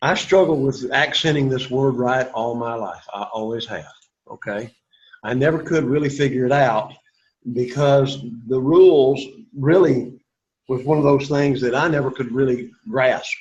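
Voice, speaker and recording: A man's voice: medium pitch, normal speed, darkish tone, lo-fi sound. A middle-aged man teaching a Greek class, lecturing to students in an emphatic way and repeating his key points.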